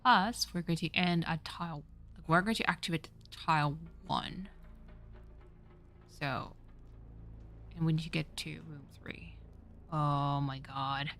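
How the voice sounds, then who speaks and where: A woman's voice: low-pitched, takes it slowly, pauses often, a bit bright, soft background music. A woman streaming a game, talking to her chat and getting exasperated at the game. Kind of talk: let's play commentary.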